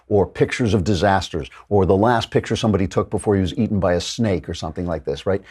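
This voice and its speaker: A man's voice: lowish voice, warm tone. A man hosting an opinion talk show, joking and sardonic, often laughing at his own lines.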